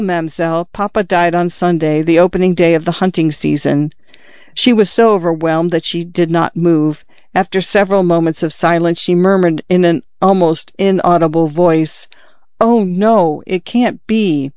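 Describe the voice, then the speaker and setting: A man narrating a novel aloud in a measured, steady storytelling manner. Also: high voice, smooth, no room sound. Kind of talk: audiobook reading of a novel. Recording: dull lo-fi dry recording.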